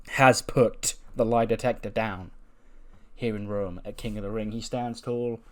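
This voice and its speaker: Laid-back man commentating a game. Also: lowish voice. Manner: laid-back, swears, laughs at results. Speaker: gaming channel host. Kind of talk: casual commentary on a wrestling sim playthrough.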